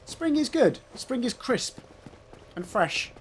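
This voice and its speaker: A man's voice: very high voice, big pitch swings, takes it slowly, slight background noise. A young man streaming a game live, swearing freely and bantering with his chat between fights. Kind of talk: casual live commentary while playing and reading chat.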